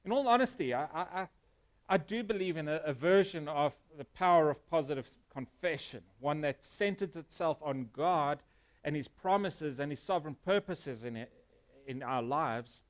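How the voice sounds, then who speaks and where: Earnest South African pastor preaching. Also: male voice, on the high side, expressive, normal speed. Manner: earnest, emphatic preaching with sudden quiet drops. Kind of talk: sermon. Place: church.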